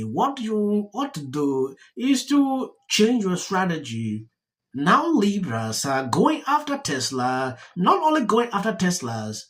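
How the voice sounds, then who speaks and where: A man talks through his opinions slowly, with a lively rise and fall in pitch. He presses his points emphatically and repeats them. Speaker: commentary vlogger. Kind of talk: opinion commentary.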